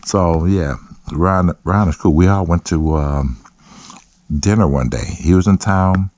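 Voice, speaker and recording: A man hosting his own show, telling profane, animated stories and acting out other people's voices. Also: low voice, a little slow, no echo. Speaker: host. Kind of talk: casual storytelling.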